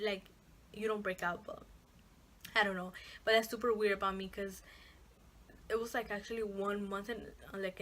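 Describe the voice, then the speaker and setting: A woman's voice: mid-range voice, fairly bright tone, a little hiss or hum. A young woman talking casually to camera as a vlogger, rambling with lots of fillers and the odd swear word.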